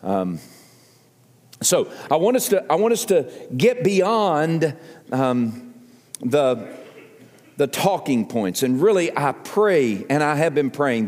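A man's voice: medium pitch, a little mellow. Older southern preacher guy, voice swoops up and down a lot, earnest, big echoey church hall. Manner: earnest, repeats phrases, rises to emphatic appeals. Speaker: pastor. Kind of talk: sermon. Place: church sanctuary.

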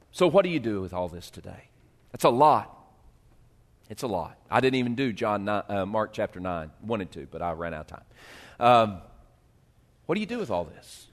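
A male pastor preaching a sermon, swinging from hushed, slow lines to loud, rising appeals. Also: a little high, very animated.

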